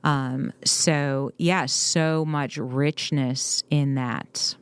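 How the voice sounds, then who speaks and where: A woman's voice: very deep voice, fairly even intonation, extremely slow, clear, resonant tone, dry recording. A middle-aged woman co-hosting a parenting talk, affirming and reflective. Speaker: podcast co-host, parent.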